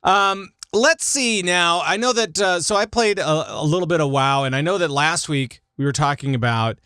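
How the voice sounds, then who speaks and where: A man's voice: a little high, normal speed, clear, resonant tone, no room sound, clean studio sound. A man hosting a gaming podcast in casual chat, rambling with lots of fillers. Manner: animated, chatty, lots of fillers. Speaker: podcast host.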